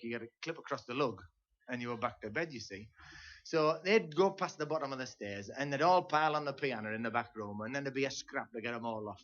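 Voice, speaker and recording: A man's voice: a little high, a bit bright. Chatty Teesside man spinning a comic yarn. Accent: Teesside English. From Teesside, England. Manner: rambling, chatty, with frequent "see?" asides. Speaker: folk singer and comedian. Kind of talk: comic stage storytelling. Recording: dull lo-fi VHS tape transfer.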